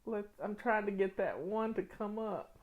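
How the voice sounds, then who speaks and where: A woman hosts a casual livestream, reading comments while tearful and sniffly, rambling warmly with frequent restarts and laughs. Her mid-range voice is unhurried, and the sound is phone quality.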